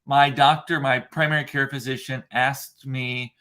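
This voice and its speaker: A man with a deep, gravelly voice hosting a casual livestream, rambling chattily through viewer comments with plenty of fillers and self-deprecating asides. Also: little pitch movement, unhurried, bright, forceful tone. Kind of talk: casual chat.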